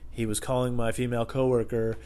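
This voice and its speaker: A young man vlogging at home into a tiny close microphone, telling a story in a profane, animated way and laughing often. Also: mid-range voice, quick pace. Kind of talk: casual storytelling. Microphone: tiny microphone held close.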